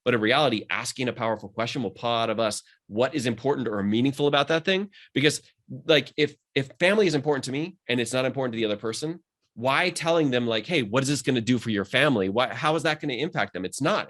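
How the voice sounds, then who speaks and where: Fast-talking motivational male coach. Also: mid-range voice, animated, a bit bright. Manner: fast, earnest and motivational, rising with emphasis. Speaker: mindset coach. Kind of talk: conversational podcast talk.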